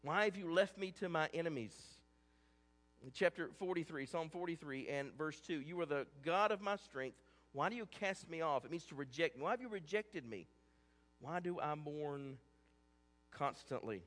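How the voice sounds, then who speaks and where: Guy preaching a sermon, earnest, kinda high voice, lots of restarts, echo trailing off in a big church. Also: animated, moderate pace, a bit bright. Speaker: pastor.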